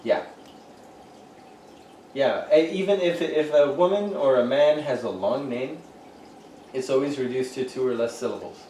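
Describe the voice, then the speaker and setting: A man's voice: mid-range voice, expressive, measured pace, pauses often, mellow, distant mic. Middle-aged male co-host, rambling jokey chat; roomy off-mic sound with light noise. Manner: joking, rambling, laughs often. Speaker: podcast co-host. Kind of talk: casual chat.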